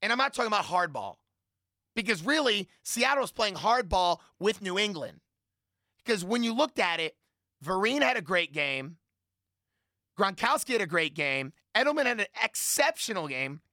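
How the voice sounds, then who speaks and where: Emphatic sports panelist, bright voice. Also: male voice, high-pitched, very animated, moderate pace, dry recording, clean studio sound. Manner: emphatic, repetitive, argumentative. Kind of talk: heated sports debate.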